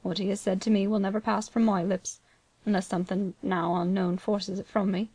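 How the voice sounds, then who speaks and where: A woman voicing a grave, gentle, plain-spoken older male land agent, speaking quietly, slowly and solemnly. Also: medium pitch, flat delivery, husky, no echo, close to an everyday voice.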